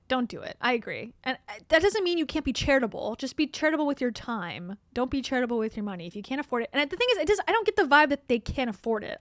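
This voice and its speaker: A woman's voice: a little high, dry recording, studio quality. A woman hosting a casual commentary show, reacting to online videos in a candid, chatty way and laughing often. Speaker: host.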